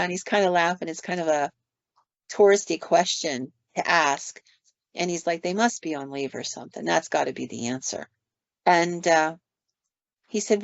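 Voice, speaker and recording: A low-voiced woman on a podcast retells ghost stories at a normal speed, her voice carrying vocal fry. Her storytelling is casual, peppered with fillers and quoted asides, and the sound is dull, lo-fi, and dry with no echo.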